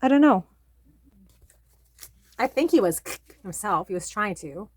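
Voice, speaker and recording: A woman's voice: mid-range voice, expressive, a little slow, a little mellow, no room sound. A woman vlogger chatting casually about manga and retelling a story in a rambling way, full of fillers.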